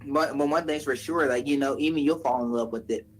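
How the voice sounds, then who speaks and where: A speaker who rattles off crude trash talk at a quick clip. The voice stays at a middle pitch. Words tumble out in stammered repeats, full of swearing. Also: faint music behind, poor audio. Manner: rapid, profane, stammering repeats.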